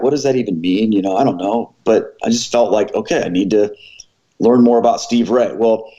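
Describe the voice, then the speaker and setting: A man's voice: on the low side, muffled recording. Earnest former pastor telling his story. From American Midwest. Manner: earnest, animated retelling with quoted dialogue. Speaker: former pastor, podcast guest. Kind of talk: storytelling in a conversational interview.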